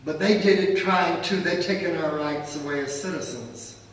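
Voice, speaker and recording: An older man with a notably high voice tells an animated, rambling story to a crowd. He is caught from far off in a big, echoing hall with a long reverb tail and a faint hiss underneath. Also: normal speed. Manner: animated anecdotal storytelling with asides. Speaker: pastor and guest speaker. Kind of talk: storytelling talk to an audience. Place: church event hall.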